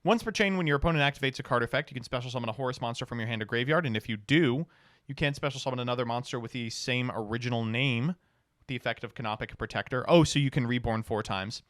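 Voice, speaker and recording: A streamer reading card text aloud in a casual review, stopping for blunt, swearing reactions. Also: male voice, medium pitch, fast talker, a bit bright, dry recording, clean studio sound.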